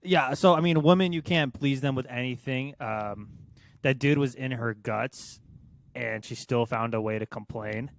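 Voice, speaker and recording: A man's voice: mid-range voice, moderate pace, vocal fry, no echo. A young man co-hosting a podcast, giving crude, blunt opinions in a rambling way. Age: young adult. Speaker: podcast co-host. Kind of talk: casual chat.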